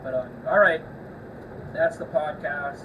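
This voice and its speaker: A man's voice: fairly high pitch, a little slow. A young man hosting a podcast who tells a rambling, profane story in casual solo chat, full of filler words. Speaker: podcast host. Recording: distant mic with faint air-conditioner hum.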